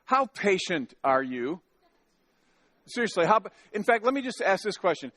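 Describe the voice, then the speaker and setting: Man, pastor, folksy and joking in the pulpit, fairly high voice, dry close sound. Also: very animated, normal speed, bright, forceful tone, dry recording. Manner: folksy and joking, with many restarts. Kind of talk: sermon. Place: church sanctuary.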